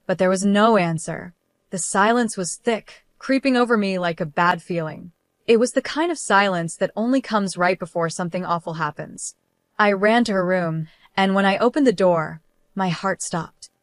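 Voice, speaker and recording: A woman's voice: mid-range voice, dry recording, studio quality. A woman narrating a dramatic first-person story with tense, emotional delivery.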